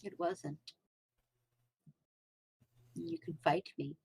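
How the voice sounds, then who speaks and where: A woman's voice: low-pitched, steady tone, drawn-out words, creaky, a little mellow, slightly rough, no room sound. A young woman co-hosting a casual gaming chat, answering with blunt, dry retorts. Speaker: podcast co-host.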